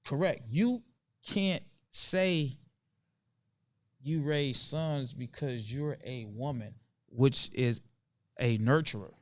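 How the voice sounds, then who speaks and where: A man's voice: medium pitch, slow pace, pauses often. Earnest man making his point in conversation. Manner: earnest, emphatic, repeats points. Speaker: host. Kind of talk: casual conversation.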